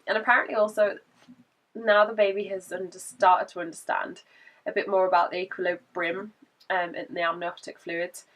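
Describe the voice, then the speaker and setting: A woman with a croaky voice from a cold, giving a chatty vlog update and laughing between points. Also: on the low side, a bit bright, recorded from a distance. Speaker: vlogger.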